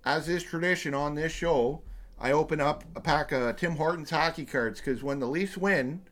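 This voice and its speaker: A man's voice: a little high, moderate pace, fairly bright tone. A man in his thirties hosting a podcast, chatting casually with lots of ums and uhs and the odd swear. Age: 30s. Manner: rambling, profane, many fillers. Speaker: podcast host. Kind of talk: casual chat.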